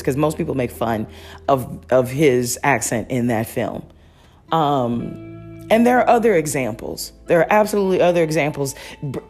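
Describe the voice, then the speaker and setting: Low voiced woman rambling on her podcast, lots of ums, soft music under it. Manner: rambling, chatty, many fillers and restarts. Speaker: podcast host. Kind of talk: casual solo review chat.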